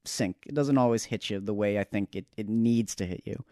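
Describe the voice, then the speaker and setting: A man's voice: fairly low pitch, warm tone, no echo, studio quality. A man co-hosting a podcast, reviewing a film in a casual, thoughtful way with frequent restarts. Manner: thoughtful, halting restarts, laughs easily. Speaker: podcast co-host.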